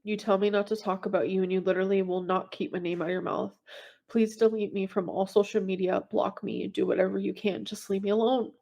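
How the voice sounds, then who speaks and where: A woman's voice: mid-range voice, level tone, creaky, dark tone. Rambling woman venting on a livestream. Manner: rambling, filler-heavy, reads text messages aloud quickly.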